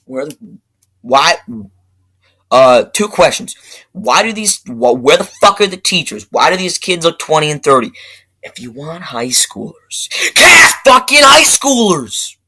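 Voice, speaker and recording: A young man giving a casual movie review, rambling and excitable, swearing constantly and restarting his sentences. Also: on the high side, measured pace, husky, poor audio. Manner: profane, excitable, rambling with many fillers and restarts.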